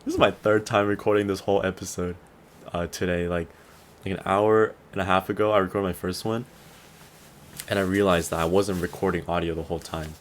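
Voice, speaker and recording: Young male podcast host, very low voice, loose and rambling, slightly tired, faint background noise. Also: fairly even intonation, fairly quick. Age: 20s. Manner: rambling and easygoing, with many fillers and chuckles. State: a little tired. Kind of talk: casual solo podcast chat.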